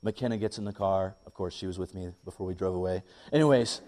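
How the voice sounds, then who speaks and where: A young man, a pastor, preaching a sermon and telling a lively personal story. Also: low-pitched, normal speed, pauses often. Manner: animated storytelling, rising when excited.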